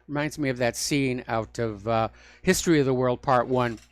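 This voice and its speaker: A man's voice: medium pitch, normal speed, clean tone, dry recording. A man hosting a call-in radio talk show, delivering opinionated, mocking rants.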